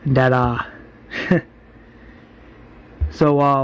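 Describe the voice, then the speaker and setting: A man's voice: fairly high pitch, fairly even intonation, measured pace, highs cut off. A man giving a casual, rambling spoken recap, full of fillers, acting out the lines. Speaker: fan recapper.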